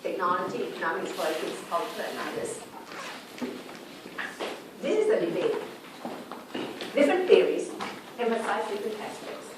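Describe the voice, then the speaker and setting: A woman tutor with a medium-pitched, widely swinging voice gives an informal exam revision lecture, often checking in with students through tag questions. She's chatty and lists examples briskly. The recording is echoey, captured from far off, with background noise.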